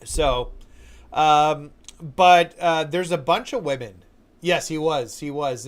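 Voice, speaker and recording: A man from Canada chats his way through a live game stream at an ordinary, middle pitch. He talks casually and easygoing, stopping now and then to answer viewers in the chat. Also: slow. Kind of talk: live gameplay commentary.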